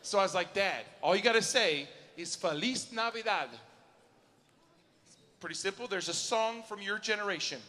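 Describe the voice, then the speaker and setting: A man doing a stand-up comedy set, acting out both sides of conversations with lively storytelling. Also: high voice, moderate pace. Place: university auditorium before a live audience. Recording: long hall reverb.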